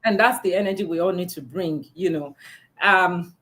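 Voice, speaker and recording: A woman's voice: fairly low pitch, normal speed, a bit bright. A woman hosting a virtual book launch interview over a video call, encouraging and laughing often. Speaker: host.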